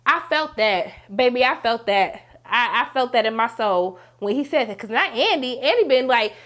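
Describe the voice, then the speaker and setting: A woman hosting a casual TV episode recap, talking straight to viewers in an animated, slangy, dramatic way. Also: a little high, moderate pace. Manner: animated, dramatic, acts out characters in quotes; slangy, emphatic, talks to viewers. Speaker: TV recap host.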